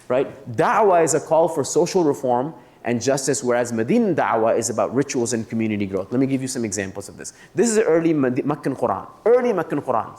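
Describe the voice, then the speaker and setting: A man's voice: medium pitch, a little mellow. A man giving a religious lecture at a student convention, reciting Arabic verses and translating them, and asking the audience rhetorical questions in a conversational way. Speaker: Islamic lecturer.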